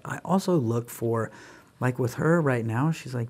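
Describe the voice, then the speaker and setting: On an interview podcast, a guest speaker and author with a mid-range voice talks a little slowly but with plenty of energy. He recounts stories about his kids emphatically, performing dialogue in voices and often starting over.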